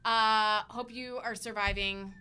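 A woman's voice: a little high, fairly even intonation, slow pace, sharp tone, clean tone. A woman in her thirties, a podcast co-host, telling a long, chatty story with lots of fillers and restarts. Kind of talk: casual chat.

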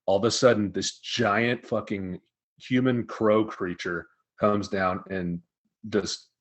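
A man co-hosting a casual podcast, recapping an anime episode in a profane, animated storytelling manner. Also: lowish voice, takes it slowly. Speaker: podcast co-host.

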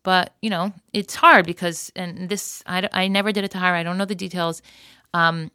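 Bright, crisp-voiced woman podcast host. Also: fairly low pitch, dry recording, studio quality. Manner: earnest, emotional retelling with Hebrew and Yiddish words. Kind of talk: storytelling podcast monologue.

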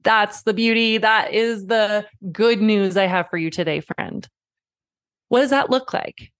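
A woman in her thirties hosting a parenting podcast, talking straight to the listener in a warm, reassuring way, like a friend. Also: medium pitch, a little slow, dry recording, clean studio sound. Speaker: podcast host. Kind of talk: podcast monologue.

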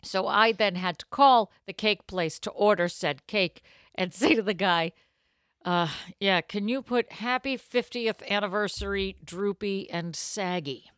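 A woman co-hosting a casual comedy podcast, talking in quick, jokey bursts that swing into loud excitement. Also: mid-range voice, smooth, no echo, clean studio sound. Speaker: podcast co-host.

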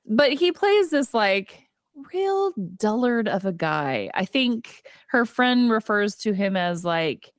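A woman's voice: on the high side, big pitch swings, slow pace, no room sound, clean studio sound. A young adult woman co-hosting a casual movie podcast, chatty and retelling scenes with quoted lines. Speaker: podcast co-host. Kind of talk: casual movie recap chat.

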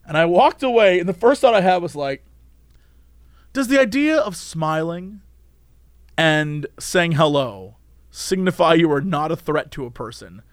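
A man's voice: a little high, lively intonation, measured pace, no room sound, studio quality. A young man co-hosting a casual podcast chat, teasing and laughing a lot. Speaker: podcast co-host.

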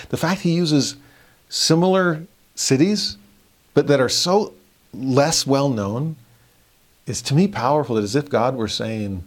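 A middle-aged man giving an earnest scripture commentary, reading verses slowly and telling a family story. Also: mid-range voice. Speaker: scripture teacher.

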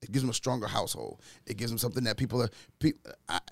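A man speaks in a mid-range voice with a gravelly, fry-laden edge, close and dry with no room sound. He talks earnestly from his own experience in a casual discussion. When he retells an argument he gets louder and higher. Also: lively intonation, rapid-fire, no room sound.

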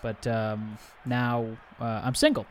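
A man improvising as a sweaty, recently divorced salesman who eats everything, talking in a deadpan mumble. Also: mid-range voice, takes it slowly, a little hiss or hum, close to an everyday voice. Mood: glum. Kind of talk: improvised comedy scene.

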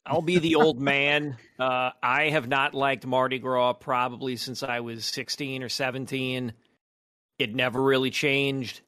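Wry, bright-voiced New man. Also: medium pitch, little pitch movement, measured pace. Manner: self-mocking, wry storyteller. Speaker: podcast co-host. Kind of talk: casual chat.

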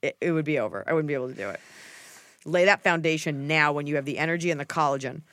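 A woman in her thirties hosts a casual advice podcast, blunt and joking, dropping "like" constantly. Her voice is deep and fast with a fairly bright tone, and there's no room sound at all.

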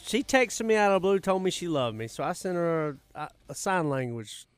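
A man's voice: a little high, very animated, moderate pace, clear, resonant tone, no room sound. Folksy Southern male radio host. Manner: folksy storyteller, rambling. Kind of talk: casual radio chat. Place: radio studio.

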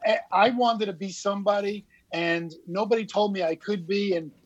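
A man in his fifties with a New Jersey accent speaks as a podcast guest, his voice pitched unusually high. He tells his story candidly and laughs at himself, and the sound is dry and slightly muffled, like a lo-fi remote line. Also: fairly even intonation, normal speed, no echo. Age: 50s. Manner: candid, self-deprecating, laughs often. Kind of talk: casual storytelling.

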